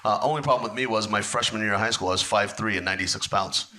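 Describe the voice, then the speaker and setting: A man doing stand-up, self-deprecating, with quick punchlines. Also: lowish voice. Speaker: stand-up comedian. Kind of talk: stand-up routine. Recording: loud audience noise.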